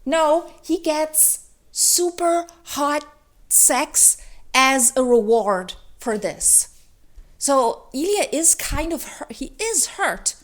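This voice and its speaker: A woman's voice: high-pitched, drawn-out words. Exasperated woman ranting about a book. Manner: animated, exasperated ranting with many restarts. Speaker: book vlogger. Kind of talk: ranting reading vlog.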